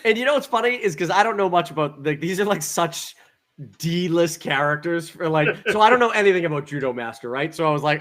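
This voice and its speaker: A man co-hosting a casual review podcast, excitable and laughing often, swearing freely. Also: a little high, brisk. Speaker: podcast co-host.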